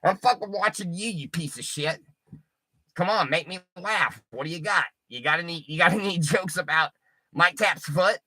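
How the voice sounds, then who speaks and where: Brief: middle-aged male streamer, taunting and foul-mouthed, bright forceful tone, very dry sound. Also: on the high side, moderate pace, breathy edge, no echo. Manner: profane, taunting and mocking. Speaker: livestreamer. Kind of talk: rambling livestream rant.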